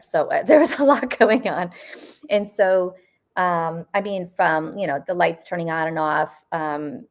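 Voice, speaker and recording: A woman in her fifties from the US Northeast, a paranormal investigator telling stories in a casual interview, rambling with lots of fillers and quick laughs. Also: on the low side. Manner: rambling, full of "you know" and "like", laughs often.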